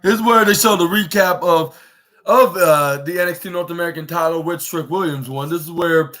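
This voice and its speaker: Male podcast host, slightly high voice, casual rambling recap with lots of "uh"s and restarts. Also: brisk, a bit bright. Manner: rambling, frequent fillers and restarts. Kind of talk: casual wrestling show recap.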